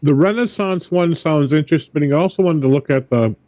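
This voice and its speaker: A man's voice: a little high, fairly quick, mellow, dry recording. Man explaining his character's moves. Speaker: player. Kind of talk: playing a character in a tabletop game over a call.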